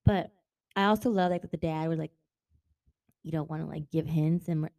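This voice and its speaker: A woman's voice: low-pitched, steady tone, a little fast, mellow, no echo. A woman co-hosting a casual book-discussion podcast. She talks animatedly, swears freely and acts out characters' lines. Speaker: podcast co-host.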